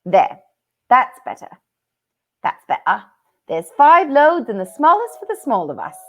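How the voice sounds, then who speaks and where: A woman's voice: high-pitched, huge pitch swings, a bit bright, pitched above the performer's own voice, exaggerated voice. Woman doing a fussy motherly beaver with a wandering lilt. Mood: bustling. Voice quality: lilt drifting between Irish and English. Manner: brisk, bossy, soothing. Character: motherly bustling female beaver, fussy and practical.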